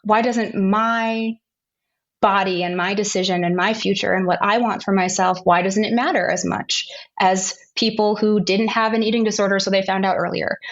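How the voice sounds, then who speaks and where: A woman's voice: medium pitch, steady tone, fairly quick, muffled recording. A woman patient advocate giving earnest personal testimony in a panel conversation, often searching for words.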